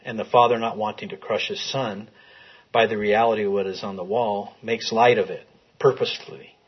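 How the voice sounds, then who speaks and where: A man's voice: fairly low pitch, steady tone, a little fast, slightly rough, lo-fi sound. A man teaching a Bible class in a classroom, talking conversationally and putting questions to the group. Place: classroom with a screen.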